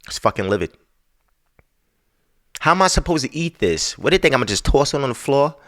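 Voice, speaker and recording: A man on his podcast, ranting through a story about poor service with lots of swearing. His pitch swings widely and his voice has a bright, forceful edge. He talks loosely and casually, like he is with friends. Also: fast. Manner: profane, animated, exasperated storytelling. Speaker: podcast host.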